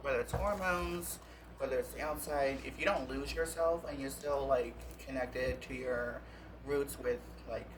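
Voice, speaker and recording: Brief: thoughtful talk-show host, mid-pitched, noisy room recording. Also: steady tone, measured pace. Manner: reflective and affirming. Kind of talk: casual interview chat. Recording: noisy background.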